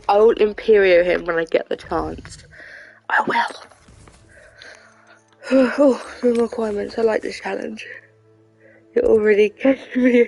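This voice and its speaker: A chatty woman streaming a game, giggling and talking to herself in a soft, mellow voice. Her pitch sits a little high. Faint game music plays beneath her. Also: creaky. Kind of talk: live game stream chat.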